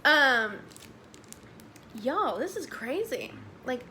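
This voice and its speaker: A young woman, chatting excitedly as she reviews snacks, saying "y'all" a lot. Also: high voice, drawn-out words, a little hiss or hum. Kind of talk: casual chat.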